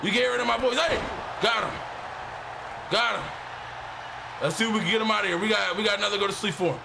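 A young man giving excited, slang-heavy commentary while playing a wrestling video game, repeating himself and shouting as he reacts. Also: sits high, quick pace, gravelly, background noise. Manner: hyped, repetitive slang talk. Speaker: gaming YouTuber. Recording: game music underneath.

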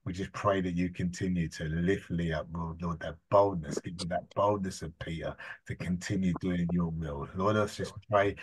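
A man's voice: deep voice, fairly even intonation, normal speed, a little hiss or hum. A man leading a congregation in fervent spontaneous prayer, with a repetitive, listing cadence and frequent hallelujahs. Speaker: church leader leading prayer.

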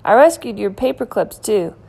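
A woman's voice: mid-range voice, big pitch swings, normal speed, creaky, a little mellow, breathy edge, heavily acted. A woman reading a storybook aloud, voicing an easygoing young male puppet buddy in a raised, eager, friendly voice. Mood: cheerful.

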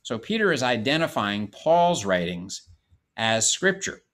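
A man giving a measured, explanatory Bible course lecture, reading passages aloud and explaining them. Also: mid-range voice, big pitch swings, a bit bright, slight background noise. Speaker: Bible teacher. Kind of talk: classroom lecture on scripture.

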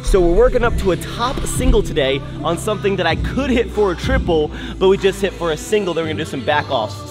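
A man's voice: high voice, lively intonation, quick pace, hardly any pauses, music in the background. A young man in a casual vlog, talking loosely and profanely, rambling with lots of fillers. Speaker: fitness vlogger.

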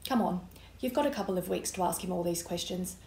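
A woman reading a relaxed father who reassures his children but avoids questions. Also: fairly low pitch, fast talker, gravelly, reverberant, a little hiss or hum. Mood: reassuring. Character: easygoing, evasive father.

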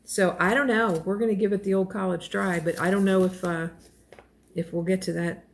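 A woman's voice: medium pitch, steady tone, normal speed, vocal fry, slight background noise. A woman vlogger chatting casually while unboxing a crochet kit, gushing and self-deprecating, rambling with fillers and small laughs.

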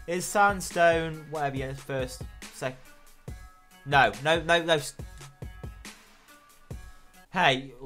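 A young man with a British accent giving excitable live commentary over his own football gameplay. He swears freely and yells at the referee. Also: a little high. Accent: British English. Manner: excitable, swearing, shouting at the ref. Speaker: gaming video host.

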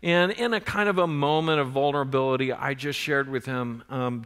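A man's voice: medium pitch, a little fast, hardly any pauses, a bit bright, clean tone. A man in his forties preaching a sermon as pastor, earnest and building in force on key points. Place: church sanctuary. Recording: church sanctuary with long reverb.

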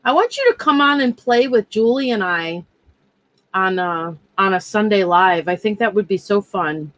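A woman's voice: mid-range voice, lively intonation, normal speed, a bit bright, poor audio. A woman running a live online sale, reading viewer comments aloud and calling out bids. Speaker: live auction seller. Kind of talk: live-stream auction chat.

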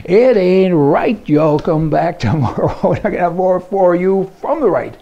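A man's voice: high-pitched, animated, moderate pace, gravelly, warm tone, highs cut off. A man giving a folksy, indignant, rambling political monologue as a commentary blogger. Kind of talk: opinionated monologue. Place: Canada.

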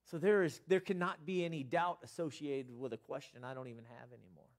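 A man's voice: fairly even intonation, brisk. Earnest man preaching with swings in volume. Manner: earnest, rising to emphatic bursts then dropping low. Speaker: pastor. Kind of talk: sermon.

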